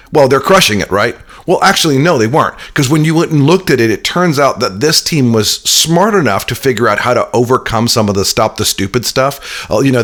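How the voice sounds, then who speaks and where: A man's voice: fairly low pitch, fairly bright tone. A man being interviewed, explaining his ideas with energy, often repeating words as he starts a sentence. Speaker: interview guest. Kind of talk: conversational business interview.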